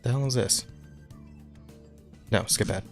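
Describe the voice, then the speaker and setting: Young male co-host, casual chat, middle pitch, laughs and swears, rambles with enthusiasm. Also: a little slow, soft background music. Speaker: podcast co-host. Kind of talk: casual chat about games.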